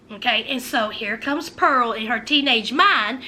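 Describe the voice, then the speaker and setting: Woman, TV recap, chatty, lots of asides, bright and sharp tone. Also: a little high, unhurried, few pauses. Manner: chatty, animated, frequent "you know" and "honey, child" asides. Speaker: TV show reviewer. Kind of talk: casual episode recap.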